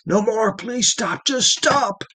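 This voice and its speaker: A man voicing a terrified tortured captive who begs and screams in high, strained cries. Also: lively intonation, takes it slowly, breathy edge, dry recording, exaggerated voice. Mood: pleading. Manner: high pleading cries and shouts.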